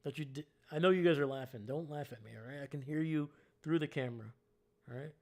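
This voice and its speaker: A man calling a game live for his stream, slightly higher-pitched than most men. He talks casually, laughs at himself, and lifts his voice when a big play happens. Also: quick pace, darkish tone.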